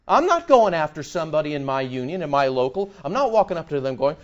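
Animated male preacher, lively pitch. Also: fast talker, few pauses. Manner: animated, mimics voices in anecdotes. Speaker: pastor. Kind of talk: sermon.

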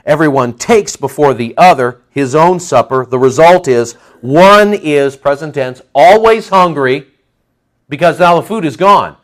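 A man preaching an expository sermon, conversational and animated, acting out the voices of churchgoers. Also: mid-range voice, moderate pace. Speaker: pastor.

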